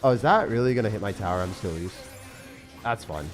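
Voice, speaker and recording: A man's voice: fairly low pitch, animated, quick pace, faint music behind. A young man streaming a game live, joking at his own expense and answering chat. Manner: self-mocking, jokey, reads and answers chat.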